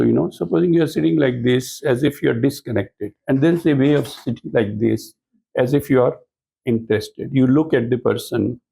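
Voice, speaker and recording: At a corporate training talk, a man lectures business professionals, explaining his points and throwing rhetorical questions at the audience. His voice is a little high, creaky, dark, and slightly rough, and the recording itself is rough.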